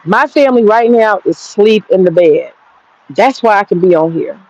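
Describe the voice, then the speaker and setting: A woman's voice: mid-range voice, animated, normal speed, darkish tone, dull audio. A woman vlogger in her garden rants bluntly and profanely at her viewers. She rambles and speaks straight to them. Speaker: vlogger giving commentary. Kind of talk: casual rant to viewers. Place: outdoor garden.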